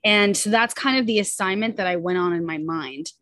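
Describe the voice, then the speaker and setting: A woman's voice: medium pitch, fairly bright tone, no room sound. Candid woman telling her story, dry sound. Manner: candid, quick, full of likes and you-knows. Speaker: podcast guest. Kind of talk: personal story in a casual interview.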